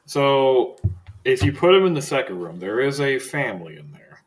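Casting note: male game master, easygoing, mid-pitched, rambling narration full of fillers. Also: very animated, low-quality recording. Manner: casual, halting with fillers.

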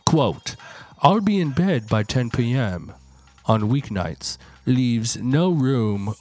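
A man putting on a pompous British accent to read self-help advice aloud slowly. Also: mid-range voice, very animated, darkish tone, faint music behind. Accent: put-on British. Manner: slow, pompous reading.

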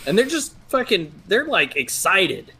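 A man's voice: high voice, sing-song, unhurried, bright, forceful tone, a little hiss or hum. A man bantering about a movie with a co-host, swearing and laughing as he chimes in. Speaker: podcast co-host. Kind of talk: casual movie recap chat.

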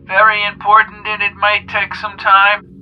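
A man's voice: high voice, completely flat delivery, normal speed, highs cut off, soft background music, voice pushed up, close to an everyday voice. A man reading aloud as a station computer that delivers messages in clipped phrases. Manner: clipped, matter-of-fact.

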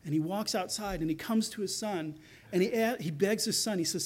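A man with a notably high-pitched voice delivers a sermon. He talks animatedly, acting out quoted lines from the story with rising intensity before returning to explanation. The delivery feels like live preaching to a congregation. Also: a little fast. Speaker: pastor.

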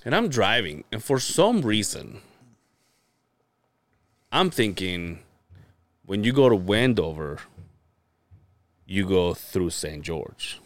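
Low-voiced guy rambling through a road trip story, cussing, dry close mic. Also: very animated, slow, pauses often, dry recording. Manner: rambling storyteller, swears casually, many fillers. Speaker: podcast host. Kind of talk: casual chat.

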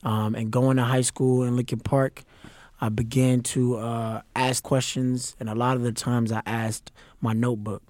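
A young man from Chicago recalls his time as a youth poetry competitor. He speaks in an earnest, measured way with little pitch movement. The recording is dry and close. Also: level tone, a little mellow, no room sound. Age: young adult. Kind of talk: reflective interview talk.

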